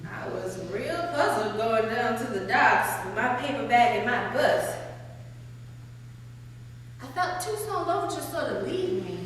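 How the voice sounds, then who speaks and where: A woman performing a theatrical dramatic monologue in an art gallery, telling the story in lively vernacular speech and laughing between lines. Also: on the high side, unhurried. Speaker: stage performer. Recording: echoey gallery hall, far-off mic, faint room noise.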